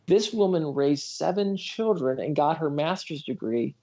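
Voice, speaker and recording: A man's voice: a little high, lively intonation, unhurried, mellow, muffled recording. Earnest man telling a heartfelt story. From Western New York. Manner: earnest storytelling, apologetic, self-deprecating asides. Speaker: political candidate hosting a livestream. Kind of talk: casual livestream chat.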